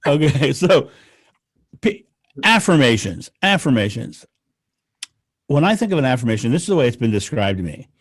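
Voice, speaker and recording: A man, a podcast guest, talking in casual conversation, animated and laughing often as he rants. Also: mid-range voice, moderate pace, long pauses, no echo, studio quality.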